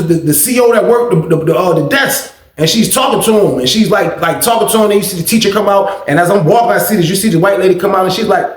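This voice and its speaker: Male storyteller, animated and profane, fairly high voice, roomy echo. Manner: profane, animated, repeats "you know what I mean". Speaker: storytelling vlog host. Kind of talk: casual storytelling.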